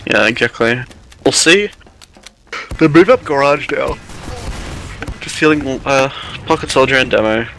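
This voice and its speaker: A man casting a live online game match, calling the play quickly and chatting with his co-caster. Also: mid-range voice, animated, a bit bright, slight background noise, rough recording. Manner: quick, chatty, laughs often. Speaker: esports caster.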